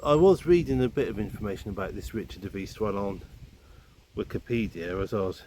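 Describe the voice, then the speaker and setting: A man's voice: lowish voice, a little fast, warm tone, slight background noise. A man vlogging on a country walk, talking casually to the camera in a chatty, wry, rambling way with playful asides. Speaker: walking vlogger. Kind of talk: casual talk to camera while walking. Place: open countryside, outdoors.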